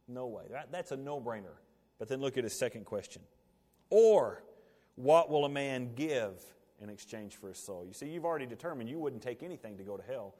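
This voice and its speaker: A male pastor preaching a sermon, building to emphatic peaks and then dropping to quiet asides. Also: mid-range voice. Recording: long hall reverb.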